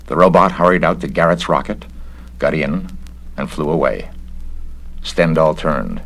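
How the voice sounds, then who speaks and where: A man narrating a story aloud in a measured, dramatic way. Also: a bass voice, animated, vocal fry, fairly bright tone. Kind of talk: story reading.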